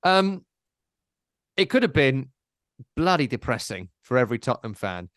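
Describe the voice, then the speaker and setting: Man, football podcast co-host, animated, jokey, dry close mic. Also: medium pitch, normal speed, dry recording. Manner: animated, jokey, mimics commentators. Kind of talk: casual football chat.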